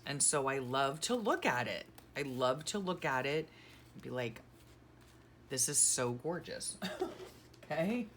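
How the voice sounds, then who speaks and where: A woman's voice: deep voice, fairly bright tone, slight background noise. A middle-aged woman vlogger chatting casually and sentimentally as she sorts her craft keepsakes, gushing and rambling. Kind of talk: casual chat while decluttering.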